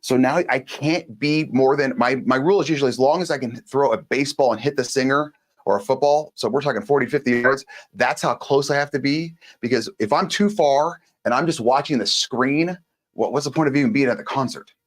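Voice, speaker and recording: A man's voice: medium pitch, brisk. A man hosting his own show, telling a story in a blunt, casual monologue and acting out the quotes. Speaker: show host.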